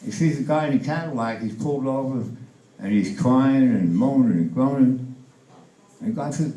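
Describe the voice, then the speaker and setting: A man's voice: medium pitch, dark tone, roomy sound, rough recording. An 80s man telling jokes on stage. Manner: halting, with many fillers and restarts; acts out the punchlines in a raised voice. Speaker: stand-up comedian. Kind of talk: stand-up joke telling. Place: comedy club stage.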